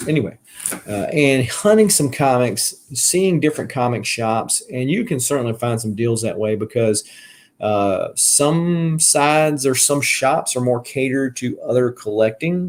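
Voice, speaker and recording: This is a man with a Southern US accent, chatting casually on a live stream about his collecting hobby. His voice sits at an ordinary middle pitch. He rambles, fills his sentences with "uh" and "you know", and stops to answer viewers' comments. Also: a little mellow. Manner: rambling, many fillers and restarts. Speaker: collector channel host.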